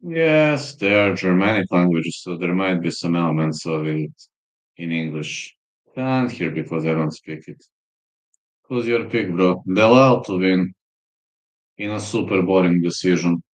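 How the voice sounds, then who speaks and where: A man hosts a casual live stream and reacts to viewer comments. His voice sits very low and his delivery is slow and unhurried, with filler pauses. He is blunt and crude, and he swears freely. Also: expressive. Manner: blunt and crude, with frequent profanity. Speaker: livestream host.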